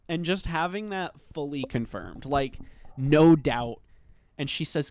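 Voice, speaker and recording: A man giving a rambling, emotional recap of a film, halting often, swearing and sighing as he talks. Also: a little high, a little mellow, clean tone, dry recording. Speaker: film commentator.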